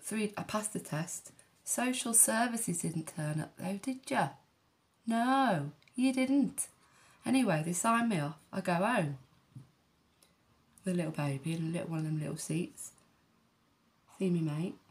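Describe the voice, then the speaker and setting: A woman tells her own story in a frank, rambling way, swearing freely and wandering into asides. Her voice sits slightly low and carries a gravelly, fry-edged texture. She is in her thirties and talks candidly to camera. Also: measured pace, long pauses. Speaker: vlogger.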